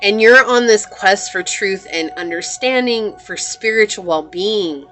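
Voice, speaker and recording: A woman's voice: medium pitch, measured pace, fairly bright tone, faint music behind. A woman giving a pick-a-card tarot reading in a chatty, reassuring way, full of "like" and "you know". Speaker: tarot reader.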